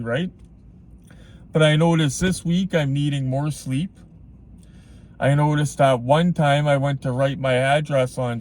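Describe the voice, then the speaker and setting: A man's voice: medium pitch, slight background noise. Blunt rambling man vlogging. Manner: blunt, rambling, frequent "like" and "you know what I mean". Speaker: collectibles vlogger. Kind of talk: casual vlog talk to viewers.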